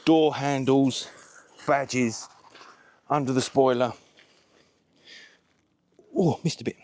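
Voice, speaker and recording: A man chatting to camera while washing a car, relaxed and a little out of breath. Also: mid-range voice. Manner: chatty, slow and unhurried, self-deprecating. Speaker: car detailing vlogger.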